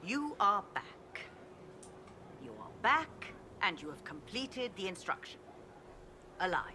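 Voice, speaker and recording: An otherworldly female mage trainer in a video game, solemn and deliberate. Her pitch swings widely as she delivers formal pronouncements. Her lines come through game audio with a clear noise floor. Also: very animated, pushed and bright, heavily acted.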